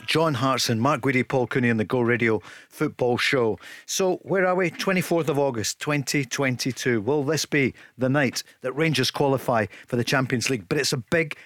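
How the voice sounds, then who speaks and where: A man hosting a radio football show, casual and jokey with brisk links. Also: medium pitch, a bit bright, dry recording, studio quality. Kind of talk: casual radio sports chat. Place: radio studio.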